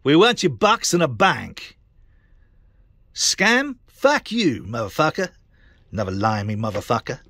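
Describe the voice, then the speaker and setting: A man's voice: mid-range voice, sing-song, unhurried, long pauses, fairly bright tone, pitched above the performer's own voice, exaggerated voice. A man voicing a brash, hostile American crook who snarls and swears. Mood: snarling.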